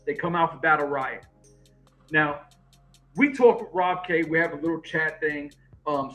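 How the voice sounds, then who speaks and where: A high-pitched man talking wrestling on a podcast, animated and profane, with faint music under him. He tells stories loosely and acts out quoted friends in bursts. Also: lo-fi sound. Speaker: podcast co-host. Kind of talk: casual profane wrestling chat.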